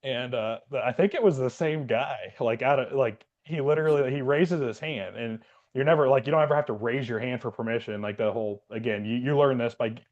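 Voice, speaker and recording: A man of average pitch telling a long story in casual podcast chat. He rambles and leans on fillers and restarts. The sound is dull and lo-fi. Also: fairly quick, darkish tone. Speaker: podcast co-host, Air Force veteran.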